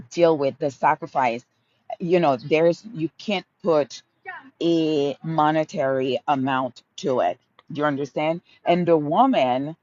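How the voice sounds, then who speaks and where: A woman in her fifties from Haiti chats live with her viewers from a sunny park, calling them her loves. She speaks slowly and repeats her phrases fondly. The phone audio is dull and a little lo-fi. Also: sits low, slight background noise. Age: 50s. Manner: affectionate, repeats phrases, greets viewers by name. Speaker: livestream host. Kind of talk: casual live chat answering viewers. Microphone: phone livestream.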